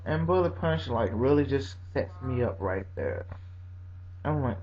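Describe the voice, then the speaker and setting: A man giving casual, animated commentary over a video game battle, reacting with frequent exclamations. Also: mid-range voice, moderate pace, breathy edge. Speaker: gaming commentator. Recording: dull lo-fi recording with faint hum.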